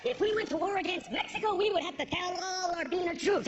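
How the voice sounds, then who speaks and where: A high-pitched woman works a stand-up crowd, hitting punchlines hard and switching into put-on voices. The recording is dull and lo-fi. Steady noise sits behind her. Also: fast talker. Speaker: stand-up comedian. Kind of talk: stand-up comedy set. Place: stage before a live audience. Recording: lo-fi with background noise.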